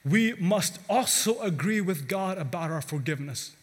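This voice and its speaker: A man's voice: high voice, expressive, moderate pace, husky. A male pastor preaching a sermon in an earnest, emphatic way, weaving in a story. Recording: reverberant hall with faint music.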